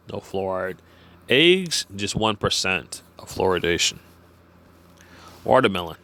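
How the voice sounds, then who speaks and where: A man reading food figures aloud and then wandering into loose, halting asides, full of "uh" and "you know". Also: lowish voice, a bit bright. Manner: halting, many fillers and restarts when off script. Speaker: vlogger. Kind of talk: reading from a page and musing aloud.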